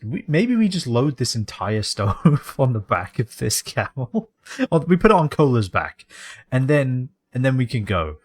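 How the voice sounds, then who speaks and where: Lively man rambling over a game. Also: mid-range voice. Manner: rambling and jokey, drifting into put-on accents. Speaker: game streamer. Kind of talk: casual let's-play commentary.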